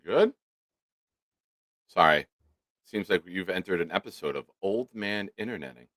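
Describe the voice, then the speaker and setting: A man's voice: low-pitched, unhurried, no echo. A man hosting a casual sports livestream, thanking supporters by name and swearing freely. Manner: animated, swears casually, reads out supporter names. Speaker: sports talk show host.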